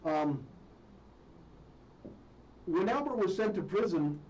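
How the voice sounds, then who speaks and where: A man's voice: high-pitched, animated, takes it slowly, darkish tone. A man hosting a live radio stream, casual and a little fumbling with the equipment, apologizing to listeners. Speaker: radio show host. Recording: distant, muffled, faint noise.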